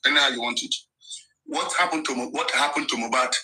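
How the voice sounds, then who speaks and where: Sharp-toned Nigerian woman ranting. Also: sits low, normal speed, soft background music, rough recording. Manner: scornful, emphatic, switches between languages. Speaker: live-stream commentator. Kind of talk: ranting monologue.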